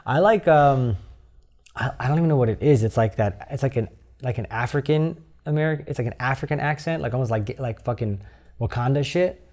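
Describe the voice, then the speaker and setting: A man's voice: medium pitch, brisk, darkish tone. A man who is a comedian, chatting as a podcast guest in a studio. He swears freely, laughs often and acts out little quotes. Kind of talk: casual podcast chat.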